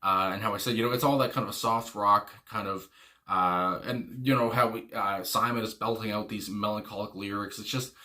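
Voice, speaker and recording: Rambling man with a bright voice. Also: on the low side, fairly even intonation, a little fast. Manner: rambling, heavy on "you know" fillers; exclaims "my God" often. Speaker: music reaction host. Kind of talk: casual rambling commentary.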